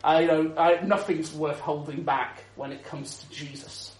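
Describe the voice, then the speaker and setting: A devoted woman, calm and certain, as a male preacher quotes her. She speaks softly and plainly, with settled resolve. The voice carries in a roomy space. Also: a little high, measured pace, pitched below the performer's own voice, natural voice. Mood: resolute.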